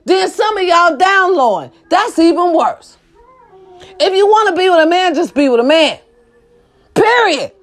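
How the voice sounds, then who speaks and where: A woman ranting to camera, blunt and profane, firing rhetorical questions and swinging between shouting and low muttered asides. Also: sing-song, a little slow. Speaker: social media commentator. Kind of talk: impassioned rant to camera.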